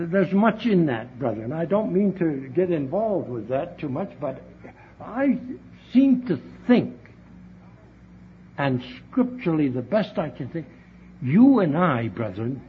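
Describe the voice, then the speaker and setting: Slow, lively-voiced man preaching. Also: a little high. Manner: slow, heartfelt preaching, often addressing "brethren". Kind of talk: sermon. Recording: dull, lo-fi recording with faint hiss.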